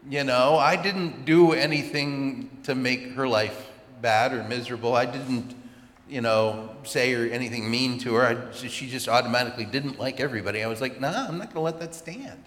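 A man, a pastor, telling a personal story in a sermon with chatty, animated asides. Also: mid-range voice, normal speed. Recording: echoey hall with long reverb.

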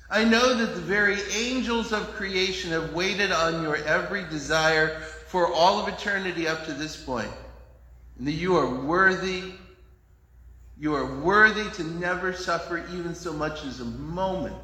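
A man preacher voicing the devil as a smooth, coaxing male tempter who flatters and wheedles. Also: a little high, roomy sound, long reverb tail, low-quality recording.

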